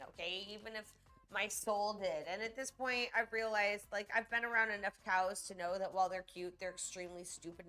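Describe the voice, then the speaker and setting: Bright-voiced chatty woman streamer. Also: medium pitch. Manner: chatty, talks straight to viewers. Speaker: livestream cooking host. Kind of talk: casual livestream chat.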